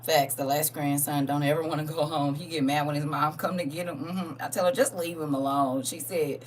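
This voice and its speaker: An older woman, hosting a casual live chat, laughing and swinging between soft asides and loud high bursts. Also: a little fast, few pauses, recorded from a distance, slight background noise. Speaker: host reading viewer comments.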